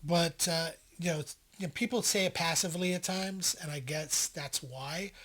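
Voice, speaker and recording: A man's voice: fairly high pitch, moderate pace. A man co-hosting a casual podcast, telling stories animatedly and acting out the people in them. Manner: animated storyteller, acts out quotes loudly. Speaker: podcast co-host. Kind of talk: casual chat.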